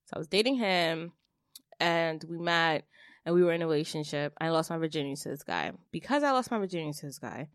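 A young adult woman on a podcast, telling a personal story in blunt, swearing, animated casual chat. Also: sits low, quick pace, no echo, clean studio sound. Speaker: podcast co-host.

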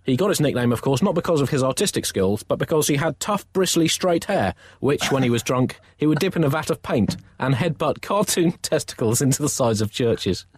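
A man's voice: medium pitch, expressive, fairly quick, hardly any pauses, slightly rough, no room sound. A man hosting a comedy podcast, telling a mock-historical tale in a wry, playful way. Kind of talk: comic storytelling and sign-off.

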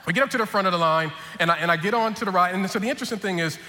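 A male pastor with a high, bright voice that moves fast as he tells a funny family story from the pulpit. He bounces through the punchlines with lively energy, and his words ring out in a long hall reverb over a faint room hum. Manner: animated, comic, acts out voices of family. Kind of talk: humorous sermon storytelling.

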